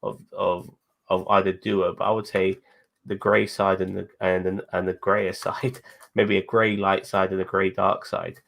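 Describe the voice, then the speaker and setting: Casual co-host, low gravelly male voice, profane and rambling. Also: flat delivery, measured pace, fairly bright tone. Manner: profane, rambling, laughs while talking. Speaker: podcast co-host. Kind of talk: casual chat.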